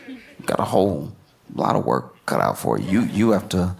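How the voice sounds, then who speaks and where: A man's voice: sits low, very animated, normal speed, vocal fry. A man doing a stand-up comedy set, riffing with disbelief and repeating his lines for effect.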